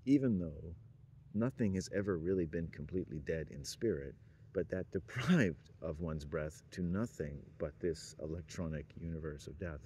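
A man's voice: sits low, normal speed, a little mellow, a little hiss or hum. A man in a rambling stream-of-consciousness monologue, meandering between ideas with frequent chuckles and trailing phrases.

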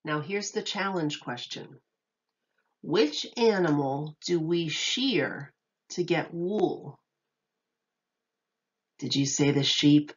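Slow, patient woman teacher reading aloud. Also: sits low, highs cut off. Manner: slow, patient, asks children questions. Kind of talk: reading a picture book aloud to children.

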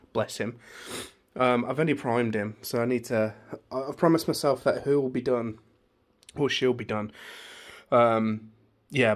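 A man with a hoarse, fading voice, rambling chattily through a casual room tour vlog filmed on a phone in his bedroom. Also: fairly high pitch, a little mellow. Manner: rambling, chatty, easily sidetracked. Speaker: YouTuber.

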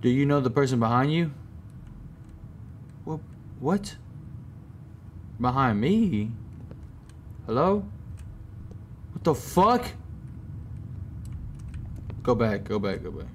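A man hosting a horror game let's play, reacting with casual slang, swearing and yelling at the scares. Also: mid-range voice, sing-song, slow, long pauses, a little hiss or hum. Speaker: gaming channel host.

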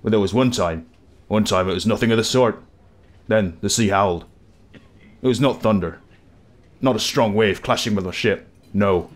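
A man voicing a grizzled old sailor in a game tavern, with a put-on West Country accent and a gruff, brooding way of telling tales. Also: lowish voice, natural voice. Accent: West Country English, put on.

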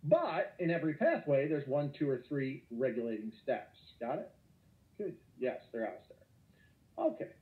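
Energetic joking male teacher on a tinny call. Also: mid-range voice, normal speed. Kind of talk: online lecture. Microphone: computer mic. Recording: echoey, tinny phone-like online call.

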